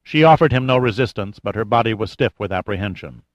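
A male audiobook narrator reads a scripted story in a measured, even way. His voice sits lowish, and the recording has no echo.

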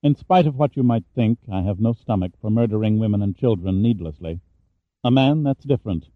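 A man voicing a cold, scheming middle-aged villain in an audiobook, with a sneering, smug, measured delivery. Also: lowish voice, lively intonation, no echo, phone-quality sound, natural voice. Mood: contemptuous. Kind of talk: audiobook character reading.

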